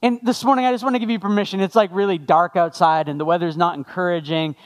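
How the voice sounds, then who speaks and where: A man's voice: sits high, steady tone, quick pace. A male pastor giving a sermon after an opening prayer, conversational with jokey asides to the congregation.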